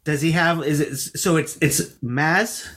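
A man's voice: a little high, unhurried, a bit bright. Curious male host asking questions. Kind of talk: interview chat.

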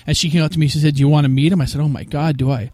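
A man guest talking about his life as a musician in a casual interview, telling stories with lively acted-out quotes. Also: a little high, racing, dry recording. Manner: animated, acts out quoted voices.

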